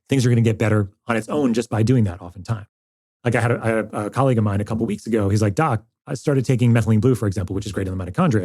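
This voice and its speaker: A man's voice: medium pitch, a little mellow, breathy edge. A man, a doctor, explaining energetically as a podcast guest and acting out his patients. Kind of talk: explanatory interview talk.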